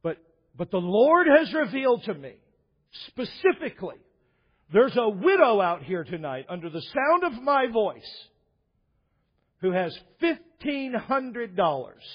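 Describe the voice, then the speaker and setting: A man voicing a flashy male TV preacher who fake-weeps and pleads dramatically in halting, drawn-out bursts. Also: sits high, sing-song, slightly rough, exaggerated voice. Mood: dramatic pleading. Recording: dull echoey hall recording.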